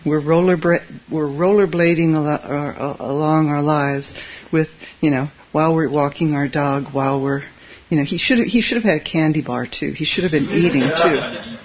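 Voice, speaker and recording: A Zen teacher giving a relaxed, conversational dharma talk, chuckling at their own asides. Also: mid-range voice, moderate pace, breathy edge, muffled recording.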